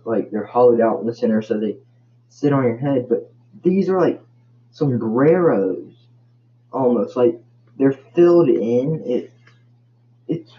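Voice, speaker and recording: A man's voice: mid-range voice, muffled recording, a little hiss or hum. A man hosting a casual solo podcast, rambling and tripping over his words. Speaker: podcast host.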